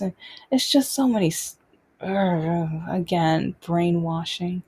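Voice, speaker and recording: Gravelly, husky-voiced woman telling her story. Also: lowish voice, darkish tone. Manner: halting, with frequent restarts. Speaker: podcast host sharing personal stories. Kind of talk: unscripted personal monologue.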